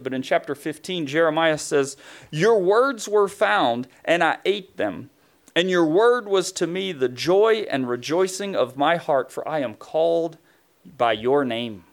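Pastor guy preaching, kinda high voice, super casual with lots of "like" and "you know", gets fired up. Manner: conversational, many "like" and "you know" fillers; animated, acts out God's voice with rising emphasis. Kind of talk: sermon.

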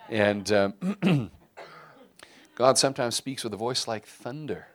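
A man's voice: mid-range voice, takes it slowly, dry recording. A middle-aged man, a pastor, preaching a sermon in a conversational way, with fillers and restarts.

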